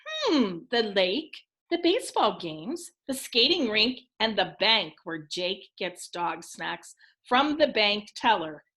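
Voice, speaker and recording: A woman teacher voicing a worried woman neighbor who has lost her dog, reading it aloud from a children's storybook in an anxious, hurried way. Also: mid-range voice, big pitch swings, a bit bright.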